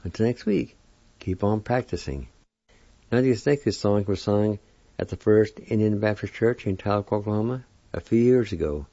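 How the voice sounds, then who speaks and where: A man's voice: fairly low pitch, normal speed, warm tone, no echo. A man giving a recorded language lesson, spelling words out letter by letter and sounding them out one syllable at a time. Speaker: language teacher. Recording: dull lo-fi recording.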